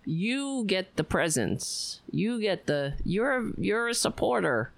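A woman's voice: medium pitch, slow, gravelly, no echo. A woman hosting a live stream, giving casual political commentary with a lot of swearing and sarcasm. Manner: profane, animated, sarcastic.

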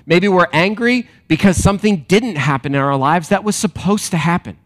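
A man preaching a sermon to a congregation, animated and emphatic, then dropping to quiet reflective questions. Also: high voice, normal speed. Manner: direct address to a congregation with rhetorical questions. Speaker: pastor.

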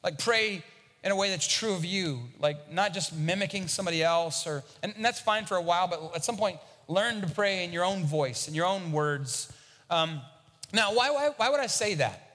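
A man's voice: high-pitched, animated, normal speed, a bit bright, big-room sound. A man preaching a sermon as a pastor, talking conversationally and often repeating a word as he starts a thought.

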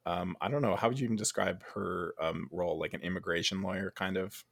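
A man's voice: low-pitched, fast talker, creaky, no echo, studio quality. A man hosting a casual chat about a film, talking loosely with many fillers and restarts. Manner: relaxed, hesitant with many fillers.

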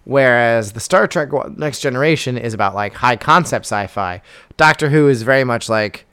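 A young man in easygoing podcast chat, wandering through his points with dry humor and plenty of fillers and restarts. His voice is smooth and clear at a middling pitch. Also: moderate pace, sharp tone. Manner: rambling, wry, many fillers and restarts. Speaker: podcast co-host. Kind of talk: casual chat.

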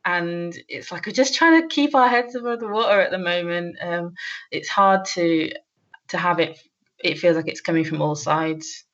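A young woman talking casually and hesitantly, with frequent pauses, ums and nervous laughs. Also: lowish voice, a bit bright. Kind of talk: casual chat. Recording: muffled lo-fi recording.

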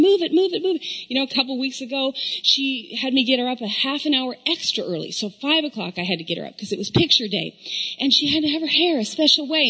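A middle-aged woman who tells a humorous personal story to a room of mothers. Her voice sits high and bright, and her delivery is animated and chatty, with frequent "you know"s. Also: slightly rough, big-room sound, low-quality recording. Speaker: speaker addressing mothers.

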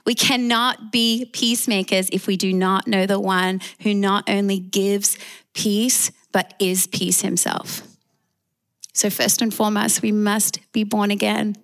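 A woman with an Australian accent preaching a sermon, emphatic, calling out for amens. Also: medium pitch. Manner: warm, emphatic preaching with call-and-response amens.

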